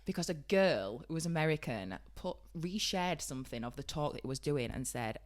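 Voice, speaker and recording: A woman's voice: low-pitched, expressive, normal speed. A woman with a Yorkshire accent co-hosting a podcast in casual, giggly chat about the beauty trade. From Yorkshire, England. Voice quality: bubbly, giggly, chatty. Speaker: podcast co-host, beauty trainer.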